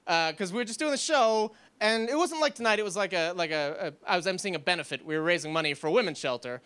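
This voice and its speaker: Young male stand-up, high and clear voice, rambling self-deprecating delivery, club stage mic. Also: bright, forceful tone. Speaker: stand-up comedian. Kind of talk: stand-up routine.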